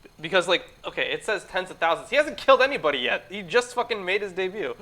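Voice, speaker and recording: A man's voice: sits high, expressive, fast, bright, forceful tone. A man co-hosting a casual group discussion, laid-back, laughing often and swearing offhandedly. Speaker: co-host.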